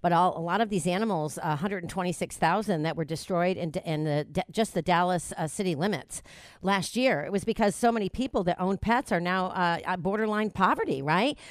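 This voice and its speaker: A woman's voice: lowish voice, fairly quick, no room sound. A woman hosting a talk show, chatting in a rambling way with many restarts and fillers. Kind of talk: casual talk show chat.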